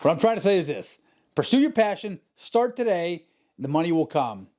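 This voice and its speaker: A man's voice: high-pitched, sing-song, moderate pace, dark tone, a little hiss or hum. A man hosting a podcast in a motivational monologue, emphatic and profane, driving points home by repeating himself. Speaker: podcast host.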